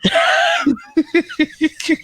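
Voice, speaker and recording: A man co-hosting a casual podcast, joking and lively. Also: extremely high pitch, extremely slow, no room sound. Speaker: podcast co-host.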